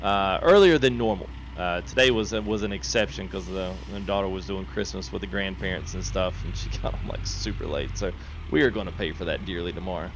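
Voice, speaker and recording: A man's voice: low voice, a little fast, a little hiss or hum. A man, chatting casually on a live game stream, reading chat and laughing often. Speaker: gaming streamer.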